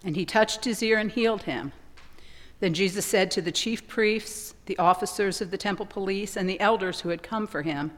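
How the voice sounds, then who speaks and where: A woman reading scripture aloud as a lector at a service, steady and earnest. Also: medium pitch, normal speed, big-room sound.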